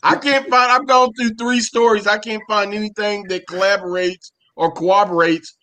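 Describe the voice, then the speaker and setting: A man co-hosting a casual podcast, talking haltingly and repeating words as he thinks. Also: sits high, fairly even intonation, pushed and bright. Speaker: podcast co-host. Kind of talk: casual chat.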